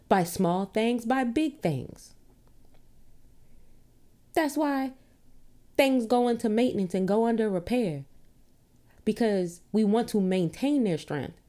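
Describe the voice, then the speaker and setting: A woman talking candidly at home into a podcast mic, emphatic and fond of rhetorical questions, laughing and swearing freely. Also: on the high side. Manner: rhetorical questions, animated retorts. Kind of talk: casual monologue.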